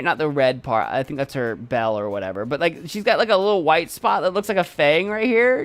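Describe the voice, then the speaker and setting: A man's voice: on the high side, a little fast, hardly any pauses. A man hosting a stream, casually and playfully commenting on viewers' pet photos and laughing often. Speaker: streamer host.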